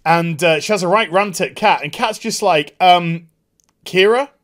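A man giving a casual, animated and profane TV episode review. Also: sits high. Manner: animated, profane, quick impressions. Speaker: TV show reviewer.

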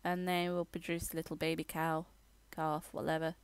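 A woman rambling through a casual game voiceover, halting and restarting as she tours her builds. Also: low voice, flat delivery, smooth, dry recording. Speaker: gamer giving a tour.

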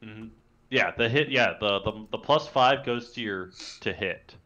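Bright-voiced man running a tabletop game. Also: lowish voice. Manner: halting, full of restarts and fillers. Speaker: game master. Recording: dull lo-fi voice chat audio.

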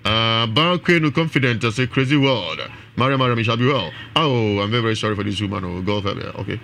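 A Ghanaian man presenting a live radio talk show, reading out listeners' names and comments in an expressive way. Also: mid-range voice, fairly quick, gravelly. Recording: radio broadcast.

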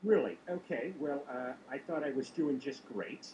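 A man voicing a loud, dim-witted cartoon dad with a nasal, goofy voice in a rap parody. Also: medium pitch, animated, normal speed, a little hiss or hum, voice pushed down, natural voice, low-quality recording. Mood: puzzled. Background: hip-hop beat.

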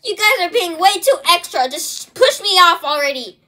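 A woman voicing a whiny, bossy female puppy toy in a play-acted toy story, pleading and shouting in a high voice. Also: very animated, normal speed, full character voice. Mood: exasperated.

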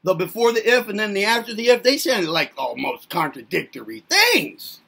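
A man's voice: sits high, sing-song, moderate pace, vocal fry, pushed and bright, slightly rough. A man giving an informal self-help talk, rambling through rhetorical questions with casual swearing. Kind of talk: informal lecturing monologue.

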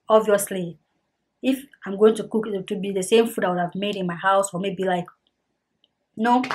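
Young woman, husky voice, earnest heartfelt vlogger talking to camera. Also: mid-range voice. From Ghana. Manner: earnest, heartfelt, repeats herself for emphasis. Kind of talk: casual talk to camera.

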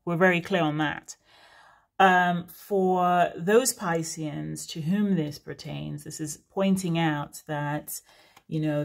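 A woman's voice: low-pitched, gravelly. A woman giving a casual, frank tarot reading to her viewers, chatty with many fillers and asides. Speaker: tarot reader.

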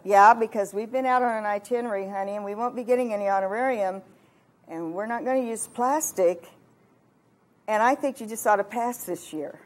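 A woman, probably older, telling a story from the pulpit in a lively sermon, acting out the voices of herself and her husband. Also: mid-range voice, fairly quick. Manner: animated, acts out her own lines and her husband's. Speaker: camp speaker.

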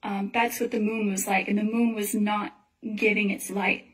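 A woman's voice: mid-range voice, flat delivery, moderate pace, fairly bright tone. A young woman earnestly telling a personal religious dream in a casual, rambling way, full of filler words. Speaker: Christian testimony speaker. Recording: voice a little far from the mic.

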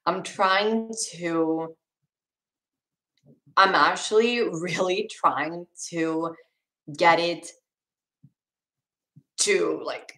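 A young Swedish woman with a Swedish accent reads chat questions aloud during a live stream and answers them casually, restarting sentences and laughing. Her lowish voice is pushed and bright, with fairly even intonation, and she speaks very slowly, pausing often. The recording quality is low.

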